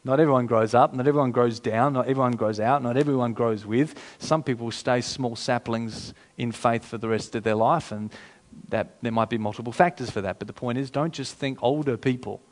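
A pastor preaching a sermon in a conversational, emphatic way, repeating phrases for effect. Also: male voice, mid-range voice, a little fast.

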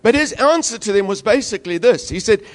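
Guy preaching in church, high voice, gets loud then drops way down quiet. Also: lively intonation, fast talker. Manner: impassioned preaching, swinging from loud declarations to hushed intensity. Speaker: pastor. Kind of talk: sermon.

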